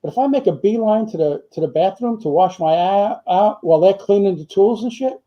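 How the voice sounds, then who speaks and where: A man's voice: sits high, lively intonation, brisk. An older man, a retired firefighter, telling long anecdotes in a casual interview, full of fillers and quoted dialogue. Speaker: retired firefighter and author, guest. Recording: muffled lo-fi audio.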